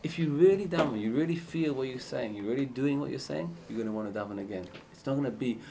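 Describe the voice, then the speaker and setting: A man giving an informal Torah class on prayer, often asking his listeners questions and swinging between loud and hushed speech. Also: mid-range voice, fast talker, creaky, slight background noise. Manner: animated, swings from loud chanting to hushed near-whispers. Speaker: Torah teacher.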